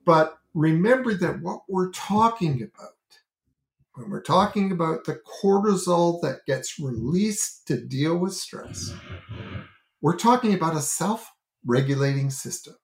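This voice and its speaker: A man's voice: fairly high pitch, lively intonation, a little slow, vocal fry, reverberant. A man explaining self-regulation on a talk show, earnest and thinking aloud with lots of fillers and restarts, gesturing with his hands as he talks. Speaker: parenting and self-regulation educator.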